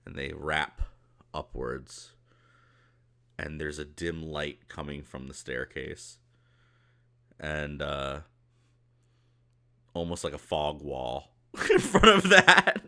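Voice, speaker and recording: Brief: unhurried male game master narrating a tabletop game casually. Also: a bass voice, big pitch swings, pushed and bright. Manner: loose, conversational, many fillers.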